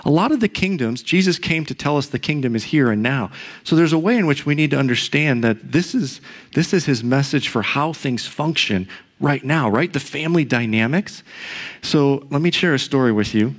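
A man's voice: mid-range voice, animated, moderate pace. Man preaching a conversational sermon. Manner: conversational storytelling with frequent asides and tag questions. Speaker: pastor.

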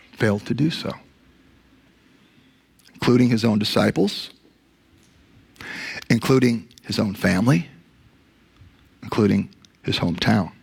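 A man's voice: creaky, slightly rough. A man preaching a sermon, telling scripture stories and dropping his voice for the quoted lines. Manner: storytelling, acts out quotes in a lowered voice; slows down to stress key words. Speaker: pastor.

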